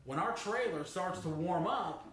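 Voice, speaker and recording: A man hosting a reaction video, telling a long backstory in a casual, animated way and often laughing mid-sentence. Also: high voice, a little slow, echoey room.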